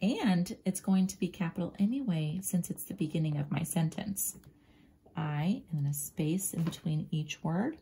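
A woman teacher slowly and gently walking young pupils through a writing lesson, often dropping into a soft near-whisper as she draws and spells. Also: fairly low pitch, lively intonation, slight background noise. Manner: slow, gentle, talks directly to young pupils. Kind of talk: children's writing lesson, drawing and thinking aloud.

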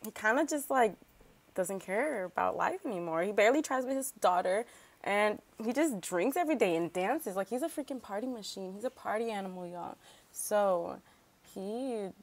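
Casual let's-play host, woman, mid pitch, rambling and chatty, talks back to her game characters. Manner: chatty, filler-heavy, rambling asides. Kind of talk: casual gameplay commentary.

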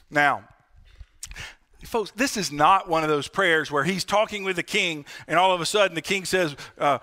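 A man with a high voice preaches to his church. His tone is bright and forceful, and he talks to the congregation as friends. He keeps checking in with them for an "Amen.". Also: moderate pace. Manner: conversational, addresses the congregation as "friends"; asks for "Amen?" responses. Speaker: pastor. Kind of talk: sermon.

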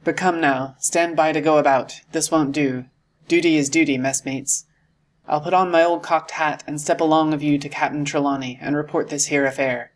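A man's voice: on the high side, steady tone, moderate pace, close to an everyday voice. A man reading aloud and voicing a jovial one-legged old sea cook who talks in salty sailor slang, in an audiobook. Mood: hearty.

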